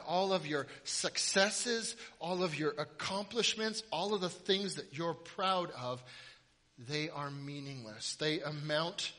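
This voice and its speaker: A man's voice: on the high side, bright, forceful tone. A man preaching a sermon with humorous storytelling in a large hall. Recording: reverberant hall.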